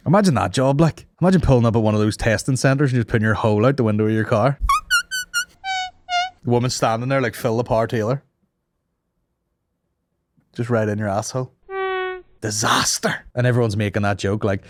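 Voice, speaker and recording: A man's voice: mid-range voice, brisk, pauses often, dry recording, studio quality. A young man hosting a casual comedy podcast, ranting and swearing in mock outrage. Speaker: podcast host.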